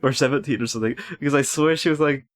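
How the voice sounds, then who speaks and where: A man's voice: medium pitch, rapid-fire. A man streaming a story game, chatting casually with lots of laughs and fillers. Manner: giggly, rambling, many fillers.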